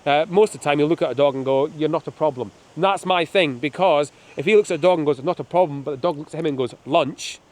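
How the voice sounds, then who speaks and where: A man's voice: a little high, racing, hardly any pauses, darkish tone. A middle-aged man, a falconer, showing birds of prey outdoors on a windy hilltop, telling chatty, joking anecdotes. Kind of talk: hands-on demonstration with storytelling.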